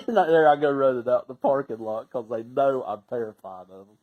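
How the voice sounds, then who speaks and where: Appalachian storyteller, middle-aged man, folksy and laughing, shouts at the punchlines. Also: medium pitch, big pitch swings, normal speed, dull audio. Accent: Southern Appalachian. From Southern Appalachian US. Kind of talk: casual storytelling.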